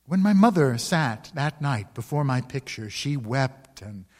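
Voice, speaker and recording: A man reading the lines of a devoted ghostly woman from a painting in a ghost story, slow, tender and pleading. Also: mid-range voice, animated, a little mellow, long reverb tail. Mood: yearning.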